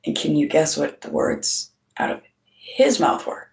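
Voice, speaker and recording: This middle-aged woman, the channel's host, has a low, gravelly, darkish voice whose pitch swoops wildly while she takes her time. She tells a blunt story to camera with heavy swearing and quoted voices, in a casual monologue recorded off-mic in a roomy space from a distance.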